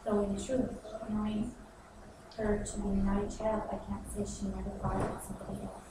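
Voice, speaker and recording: A woman reading a storybook aloud to children in an expressive, sing-song way. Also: mid-range voice, brisk. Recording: echoey, far-off noisy room.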